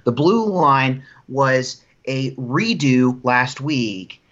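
A man's voice: mid-range voice, animated, very slow, a bit bright, muffled recording. A man from New Jersey co-hosting a news podcast, giving indignant, mocking commentary that rises into outraged exclamations. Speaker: podcast co-host.

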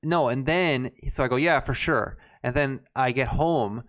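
A man's voice: medium pitch, a little slow, a bit bright. A man co-hosting a podcast, telling rambling stories in casual chat with lots of fillers and restarts. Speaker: podcast co-host.

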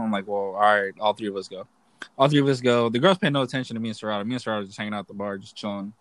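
A man's voice: lowish voice, rapid-fire, no room sound. A young man chatting casually, rambling and cursing as he tells funny stories, laughing often. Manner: rambling, profane, laughs a lot. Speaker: soldier telling stories. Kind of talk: casual chat.

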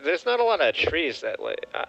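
A man's voice: a little high, sing-song, fairly quick, gravelly, fairly bright tone, highs cut off, soft background music. A man co-hosting a podcast in casual chat, adding dry, wry remarks. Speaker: podcast co-host.

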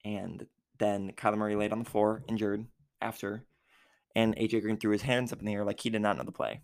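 A man's voice: lowish voice, steady tone, fairly quick, smooth. A man casually recapping a football game from memory, rambling with many fillers and self-corrections. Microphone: recording app with a time limit.

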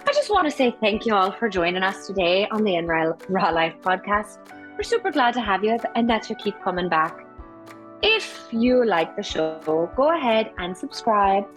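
A woman's voice: medium pitch, sing-song, moderate pace, soft background music, close to an everyday voice, rough recording. A woman doing a practiced Irish accent while signing off a podcast, chatty and a little flustered. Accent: Irish, put on. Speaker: podcast co-host. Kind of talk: podcast sign-off.

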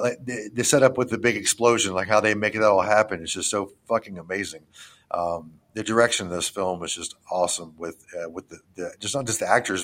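A man hosting a casual podcast about films, talking in an excitable, profane, rambling way full of restarts. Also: lowish voice. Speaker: podcast host reviewing films. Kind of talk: casual chat.

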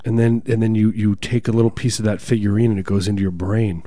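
A man's voice: on the low side, flat delivery, quick pace, dark tone, no echo. A middle-aged man co-hosting a comedy podcast, rambling through absurd riffs and silly bits. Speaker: podcast co-host. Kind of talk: improvised comedy banter.

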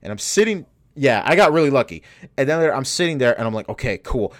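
A man's voice: medium pitch, fairly quick. A man co-hosting a podcast, telling a story in casual chat, swearing a lot and getting worked up in bursts. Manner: profane, animated, rants in bursts. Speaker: podcast co-host.

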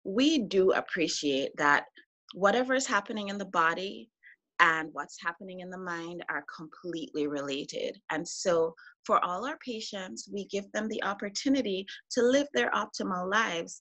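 A woman's voice: mid-range voice, expressive, a little slow, a bit bright. A woman doctor talking about her practice as an interview guest, upbeat and chatty. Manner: upbeat, chatty, self-amused. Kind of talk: interview conversation.

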